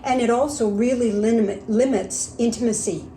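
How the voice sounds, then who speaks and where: A woman's voice: on the high side, normal speed, warm tone, roomy sound, slight background noise, poor audio. A woman in casual conversation, speaking reflectively and earnestly and often chiming in with agreement.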